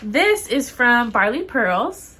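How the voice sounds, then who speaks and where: Bright-voiced chatty woman podcaster. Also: fairly high pitch, very animated, slow, a little hiss or hum. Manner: chatty, rambling, filler-heavy. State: stuffy nose. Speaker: podcast co-host. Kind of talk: casual knitting podcast chat.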